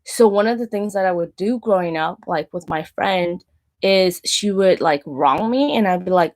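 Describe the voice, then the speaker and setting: A woman's voice: on the low side, normal speed. A woman in her thirties, the show's host, talking candidly about faith and dating and leaning often on "like". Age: 30s. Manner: candid, heavy use of "like". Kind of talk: personal faith talk.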